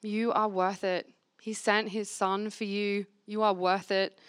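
A woman's mid-range, level voice moves a little slowly as she reads scripture at a church gathering and earnestly asks listeners to repeat affirmations after her. It's a call-and-response sermon within a reflection she leads. Her tone is clean, with no echo.

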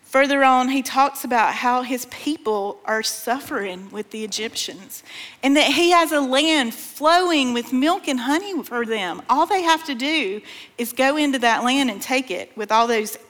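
A woman preaching to a conference crowd, her fairly high voice carrying a long reverb from a large hall. She talks in a folksy way, calls her listeners "y'all", and reads scripture aloud with feeling. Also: animated, a little slow, a bit bright. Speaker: speaker at a women's conference. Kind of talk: sermon.

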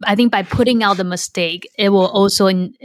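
A woman's voice: medium pitch, fairly even intonation, a little fast, no room sound, studio quality. A woman whose first language is Chinese, hosting a podcast in a casual, candid, self-deprecating way with many fillers and restarts. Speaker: podcast host.

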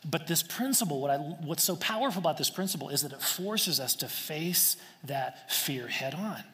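Pastor, male, somewhat high voice; earnest, chatty sermon delivery with restarts; long hall reverb. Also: animated, moderate pace, sharp tone. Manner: earnest, conversational, with repeated phrases and restarts. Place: church sanctuary. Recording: long echo of a large hall.

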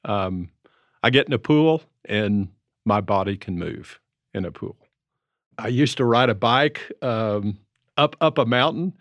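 A man in his seventies telling stories in a relaxed, reflective conversation as co-host. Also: fairly low pitch, unhurried, no room sound. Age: 70s. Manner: storytelling, reflective. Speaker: podcast co-host. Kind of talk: casual conversation. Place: Colorado.

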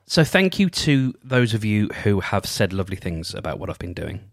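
A man hosting his own solo podcast, chatting gently and meandering, often restarting his sentences. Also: on the low side, big pitch swings, normal speed, dry recording, studio quality. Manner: meandering, self-interrupting, gentle. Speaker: podcast host. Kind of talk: casual solo podcast chat.

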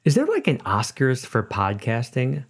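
A man's voice: mid-range voice, huge pitch swings, moderate pace, breathy edge. A man with a Midwestern accent hosting a podcast in a casual, jokey, self-deprecating monologue. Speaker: podcast host.

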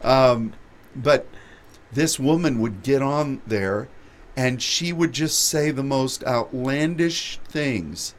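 A man hosting a radio show, telling a lively travel anecdote with laughter. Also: mid-range voice, takes it slowly. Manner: animated anecdote with frequent laughter. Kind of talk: storytelling chat.

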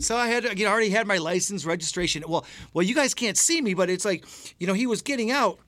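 A man who is a motivational speaker, telling a lively story on a talk show, acting out the scenes and often repeating words. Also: high-pitched, quick pace, no echo.

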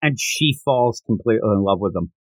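A man with a fairly low voice talks briskly, with no echo, while co-hosting a manga podcast. In casual review chat, he retells scenes with gusto and acts out characters' lines as an animated storyteller.

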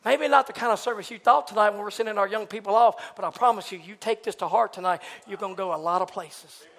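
A man preaching a sermon in a church service, animated and folksy, swinging from loud exclamations to hushed asides and talking back and forth with the congregation. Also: high-pitched, fast.

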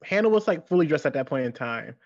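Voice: medium pitch, big pitch swings, fast, no room sound, lo-fi sound. A podcast co-host chatting casually and bluntly, with frequent laughs and sassy asides. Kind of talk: casual recap chat.

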